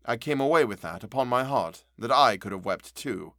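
A man reading a storybook voices a fearful old male butler who speaks low and hushed in old-fashioned phrases. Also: expressive, normal speed, no echo, studio quality. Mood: grieved.

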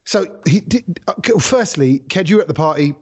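A man hosting a casual podcast, telling a story with lively acted-out quotes. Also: fairly high pitch, brisk, husky. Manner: animated storyteller who acts out quotes. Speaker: podcast host.

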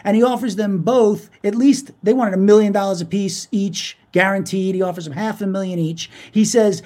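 A man co-hosting a podcast, retelling a business story in animated, profane casual chat. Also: high voice, a little fast, hardly any pauses. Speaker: podcast co-host.

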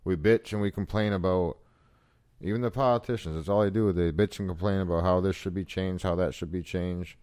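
A man's voice: sits low, fairly even intonation, a little fast, darkish tone, clear, resonant tone, no echo, clean studio sound. A man co-hosting a podcast, talking in a blunt, swearing casual chat. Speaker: podcast co-host.

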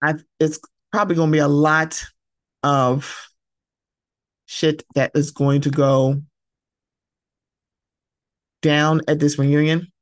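A woman with a deep, fairly flat voice hosts a solo podcast chatting casually about reality TV, recorded in studio quality with no echo. She speaks slowly with frequent pauses, emphatic and freely swearing as she acts out the people she quotes.

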